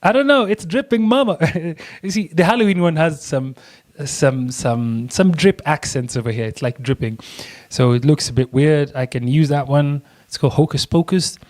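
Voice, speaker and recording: A man teaching a design software lesson, chatty and excitable, laughing often as he works. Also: medium pitch, normal speed. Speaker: design tutor. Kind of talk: screen-recorded software tutorial.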